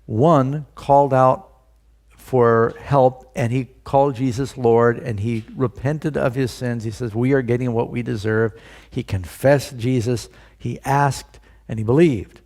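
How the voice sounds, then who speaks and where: A man's voice: medium pitch, steady tone, measured pace, darkish tone. A male pastor preaching a sermon, putting rhetorical questions to his listeners and stressing key words.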